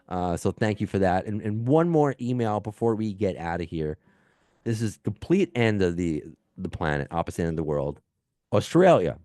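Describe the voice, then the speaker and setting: A New York man hosts his podcast from home, reading listener mail in a loose, self-deprecating ramble full of fillers and restarts. His voice sits low. The recording is dry and close, with no room sound. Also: darkish tone, dry recording. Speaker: podcast host. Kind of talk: casual podcast chat reading listener emails. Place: home, baby heard in background.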